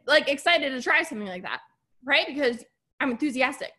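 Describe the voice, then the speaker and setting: A woman's voice: high-pitched, animated, brisk, pushed and bright. A woman coaching her team on a video call, bubbly and chatty, full of "like" and "right?". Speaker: business coach.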